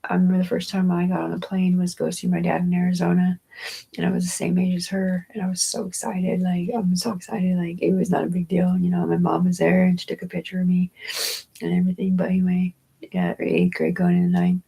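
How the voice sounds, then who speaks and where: A woman with a lowish voice and a gravelly, fry-laden edge talks casually and at length. She keeps circling back with "anyway" and "you know", swears offhandedly and laughs her way through her own story. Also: steady tone, fairly quick, warm tone, poor audio. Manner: chatty and digressive, with frequent fillers and restarts. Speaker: mother telling a personal story.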